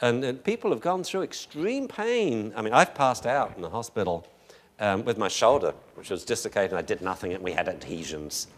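A man's voice: fairly low pitch, lively intonation, a little fast. A man teaching a class on dog behavior, telling rambling stories and joking with the room. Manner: jokey, rambling storyteller, laughs often. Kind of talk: lecture with anecdotes.

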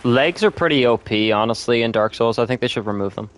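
A man's voice: mid-range voice, quick pace. A young man streaming a video game with a friend, chatting casually, swearing freely and laughing often. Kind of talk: casual chat while gaming.

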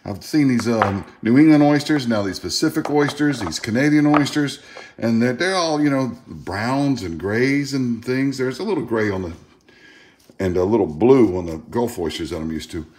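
A man's voice: medium pitch, normal speed. A middle-aged man from Louisiana with a Southern accent, chatting folksily while unboxing and tasting food in his own vlog. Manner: folksy, chatty, animated outbursts. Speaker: food vlogger.

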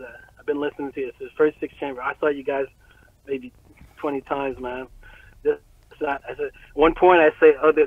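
Excitable, swearing man on a phone line. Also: fairly high pitch, no echo. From Montreal, Canada. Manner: excitable, profane, laughs often. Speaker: guest, rapper and chef. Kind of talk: casual storytelling. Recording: tinny dry phone-like line.

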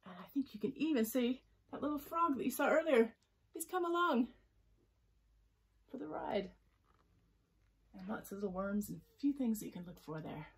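A woman reading her children's picture book aloud, animated, with chatty asides to young listeners. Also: on the high side, normal speed, long pauses, breathy edge.

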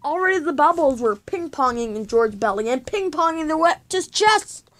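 Female reader for a children's book, slightly high voice, dramatic and expressive. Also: moderate pace. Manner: expressive, dramatic storytelling with sound effects. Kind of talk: reading a children's chapter book aloud.

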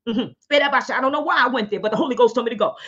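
A woman's voice: on the high side, fast, a bit bright, breathy edge, muffled recording. A woman pastor hosting an online talk show, preaching fervently over a video call, urging listeners and bursting into hallelujahs and tongues. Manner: emphatic and exhorting.

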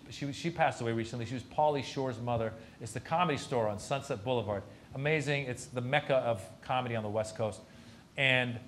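A man's voice: mid-range voice, slight background noise. A man, a comedian, telling anecdotes at a lecture Q&A and acting out other people's lines. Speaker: comedian guest at a university lecture. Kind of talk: storytelling anecdote in a Q&A.

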